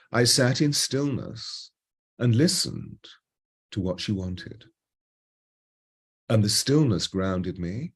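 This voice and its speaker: A husky, low-pitched man in his seventies speaks in a polished British Received Pronunciation accent. He is a voice coach telling stories as an interview guest. His delivery swings between animated bursts and slow, hushed phrasing. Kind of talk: reflective interview storytelling.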